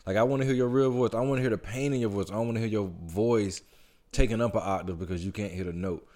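A man with a fairly low voice talks through his views in a casual podcast chat. He sounds relaxed and thoughtful, and he takes his time with each point. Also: fast. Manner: relaxed, thoughtful, explains at length.

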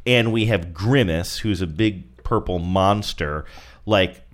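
A man's voice: low voice, takes it slowly. A man co-hosting a casual chat, joking and describing commercials. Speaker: podcast co-host. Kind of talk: casual chat reviewing ads.

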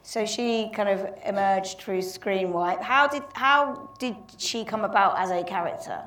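A woman's voice: mid-range voice, a little slow, fairly bright tone, distant mic, a little hiss or hum. A woman interviewing an actress in a casual chat, encouraging and often chiming in with "yeah" and filler words. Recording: roomy sound from off mic.

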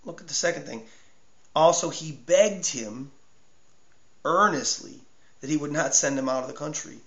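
Impassioned high-voiced preacher in an echoey room. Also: male voice, normal speed. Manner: impassioned, swinging from hushed to shouting; repeats and stumbles over words for emphasis. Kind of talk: sermon. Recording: echoey room, dull lo-fi sound.

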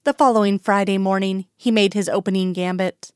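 A woman reading a story aloud in calm, even narration. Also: mid-range voice, brisk, few pauses, clean tone, dry recording, studio quality. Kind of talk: audiobook narration.

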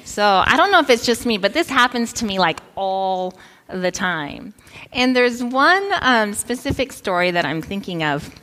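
Woman pastor in her thirties; animated storytelling sermon, mid-pitched voice. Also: moderate pace. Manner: lively storytelling, animated quotes.

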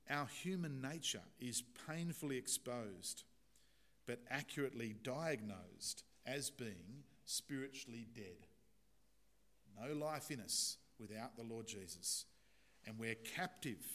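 A man's voice: medium pitch, fairly bright tone. A man preaching a sermon in an earnest, emphatic way, illustrating points with a story.

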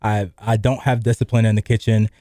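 Rambling radio host, mellow voice. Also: male voice, on the low side, flat delivery, fairly quick, no echo, studio quality. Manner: loose and rambling, many fillers. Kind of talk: casual sports radio chat. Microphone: studio microphone.

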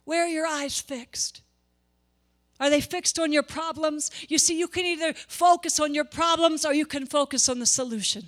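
A woman delivers a sermon to her church in a high, bright, ringing voice. She preaches with passion, circling back on words and pushing up to emphatic peaks before easing off again. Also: unhurried, pauses often.

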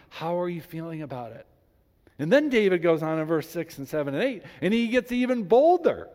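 A man preaching a sermon as a pastor, reading scripture aloud with emphasis and animated delivery. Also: sits high. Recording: long reverb in a large hall.

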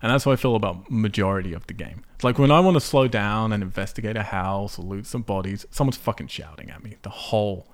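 A man's voice: on the low side, quick pace, hardly any pauses. A man chatting casually on a podcast, telling frustrated stories with lots of swearing and acted-out exclamations. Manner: animated storyteller, swears freely, acts out frustration. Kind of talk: casual podcast chat about a video game.

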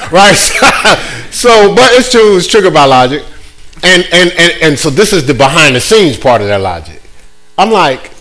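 A man's voice: on the high side, animated, moderate pace, sharp tone, rough recording. A man preaching a casual, playful sermon, acting out other people's voices.

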